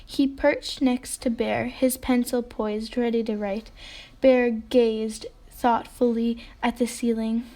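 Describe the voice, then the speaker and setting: Woman reading a children's picture book aloud, high-pitched voice, gentle and unhurried. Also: little pitch movement. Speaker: storybook reader.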